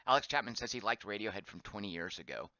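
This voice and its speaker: A man streaming a game live, chatting as he plays, reading viewer comments aloud and thinking out loud, his voice getting hoarse. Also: on the low side, expressive, fast talker, no echo, highs cut off. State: voice going hoarse.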